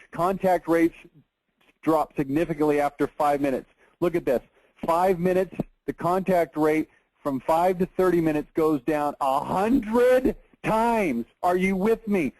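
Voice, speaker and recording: A man's voice: on the high side, darkish tone, no echo, poor audio. A man, giving a blunt, emphatic marketing webinar with an exasperated edge. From Texas. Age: 40s. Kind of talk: webinar presentation over screen share.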